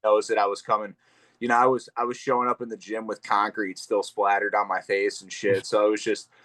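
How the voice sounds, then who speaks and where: Young male fighter guest, relaxed and rambling, slightly low voice. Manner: laid-back, rambling, drawn-out fillers. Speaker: professional MMA fighter, guest. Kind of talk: casual interview.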